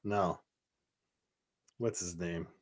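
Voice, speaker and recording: A man's voice: sits low, steady tone, drawn-out words. A man chatting casually on a livestream, opinionated and fumbling for names.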